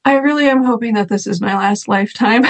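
A woman guest in an interview, speaking earnestly and reflectively, with lively bursts when she mimics others. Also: a little high, fairly quick. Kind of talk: conversational interview.

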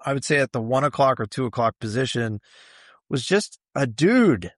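A man's voice: mid-range voice, very animated, normal speed, dry recording, studio quality. A man being interviewed, recounting a personal experience in a reflective way, searching for words with many fillers. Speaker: interview guest.

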